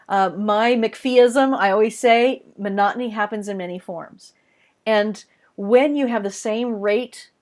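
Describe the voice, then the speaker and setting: A woman's voice: medium pitch, darkish tone. A woman teaching worship design in a webinar, talking casually and emphatically, stretching key words and speaking straight to her listeners. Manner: conversational, addressing listeners directly.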